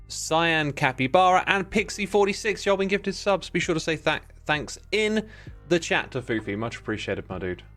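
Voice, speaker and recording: A man's voice: fairly high pitch, fairly bright tone. A man in his thirties chatting casually on a game livestream, easygoing and rambling, reading out viewer names and messages. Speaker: livestreaming gamer.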